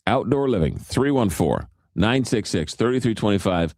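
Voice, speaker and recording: A man's voice: fairly low pitch, expressive, normal speed, darkish tone, dry recording, clean studio sound. A man hosting a casual morning radio show, joking with co-hosts and dropping into comic voices. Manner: jokey, slips into comic voices and accents.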